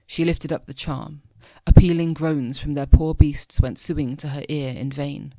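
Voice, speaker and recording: A young man at home reading narrative poetry aloud as an amateur audiobook, in a measured, dramatic way. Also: on the high side, steady tone, creaky, warm tone, no echo. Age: young adult. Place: home room.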